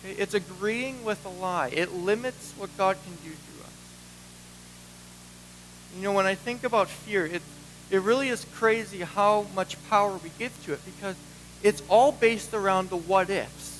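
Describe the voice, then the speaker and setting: A man preaching a sermon as pastor, animated and acting out the voices he quotes. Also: sits high, moderate pace, a little hiss or hum, low-quality recording.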